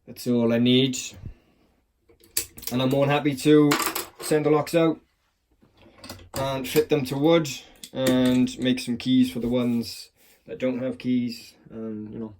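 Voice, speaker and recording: Recorded on a phone held in a clamp, the hobbyist speaks slowly and flatly in a mid-range, darkish voice, with a little hiss or hum in the background. He rambles and swears casually about picking locks, mocking himself as he demonstrates.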